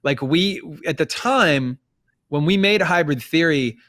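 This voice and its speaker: A man's voice: fairly high pitch, expressive, unhurried, a bit bright. A man in his forties, a musician guest, chatting casually in an interview and rambling with many restarts.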